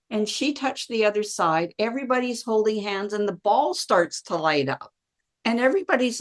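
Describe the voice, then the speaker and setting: A woman's voice: medium pitch, normal speed. A middle-aged woman, a podcast guest, telling stories and explaining ideas in casual conversation, acting out quoted dialogue. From Canada. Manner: lively, acts out quoted dialogue. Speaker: podcast guest, bioenergetics practitioner. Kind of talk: casual interview storytelling.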